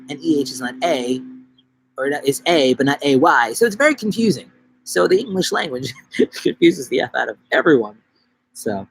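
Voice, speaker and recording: A man's voice: medium pitch, moderate pace, a little hiss or hum. A man from New York hosting a casual live-stream chat outdoors in a busy city, rambling through goofy, jokey tangents into a phone camera. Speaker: livestream host.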